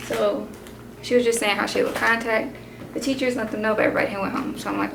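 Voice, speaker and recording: Young woman, casual storytime vlog, gravelly fry, chatty and animated, noisy home recording. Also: medium pitch, fast talker. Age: 20s. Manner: chatty, animated retelling with many "like" fillers. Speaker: vlogger and mother.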